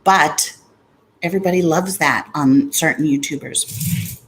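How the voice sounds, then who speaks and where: A woman chats casually to her viewers from home, unhurried and low in her voice. She jokes sarcastically and curses when things go wrong. A faint hum of the room sits under her talk. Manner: chatty, sarcastic, swears when frustrated. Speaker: vlogger. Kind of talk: casual vlog chat.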